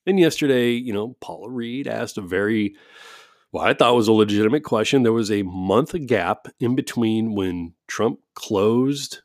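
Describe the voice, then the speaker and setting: A man's voice: lowish voice, measured pace, no echo, clean studio sound. A man talking at home in a casual ranting monologue, profane and sarcastic, with frequent laughs. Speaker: parent with kids at home.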